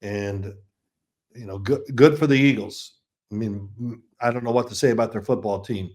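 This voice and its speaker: A man's voice: on the low side, normal speed, a little mellow. Older man telling rambling stories. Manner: chatty, rambling anecdotes with frequent restarts and chuckles. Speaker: football analyst, interview guest. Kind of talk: casual interview storytelling.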